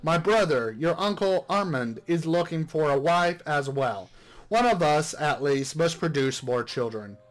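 A man voicing a widowed royal father giving measured, lecturing advice to his daughter. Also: fairly high pitch, animated. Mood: stern. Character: stern royal father, widowed noble lord.

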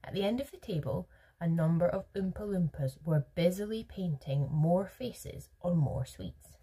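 A woman reads a children's book aloud as a teacher would, in a husky, breathy voice. Her pitch is on the low side but swoops widely as she narrates. She drops into soft whispers now and then. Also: lively intonation, moderate pace. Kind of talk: storybook read-aloud.

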